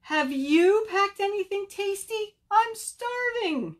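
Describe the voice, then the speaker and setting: A woman voicing a hungry, fussy, demanding little male bird with a shrill, squawking voice in a storybook read-aloud for children. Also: animated, takes it slowly, full character voice. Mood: exasperated.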